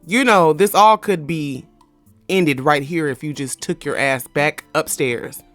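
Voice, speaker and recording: A woman retelling a horror film plot in a casual, animated, slangy and profane way, dropping into quick character voices. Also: sits low, no room sound, soft background music. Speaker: movie review vlogger. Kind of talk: casual movie recap.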